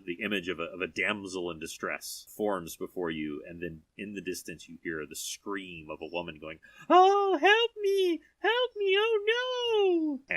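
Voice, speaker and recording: Deep-voiced man running a tabletop game. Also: pushed and bright, slightly rough, no echo, recorded from a distance. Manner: vivid descriptive storytelling. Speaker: game master.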